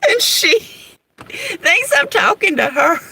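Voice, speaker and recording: A woman's voice: very high-pitched, big pitch swings, slow pace, pushed and bright, poor audio. A middle-aged woman hosting a livestream, chatting casually, telling stories about home life and greeting viewers by name between laughs. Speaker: livestream host.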